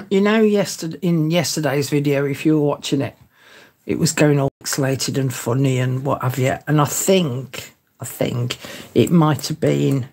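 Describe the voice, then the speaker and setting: Slow, chatty woman hosting a craft livestream. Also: low-pitched, creaky, darkish tone, breathy edge. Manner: chatty, thinks aloud, greets live viewers. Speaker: craft tutorial host. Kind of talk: casual livestream tutorial.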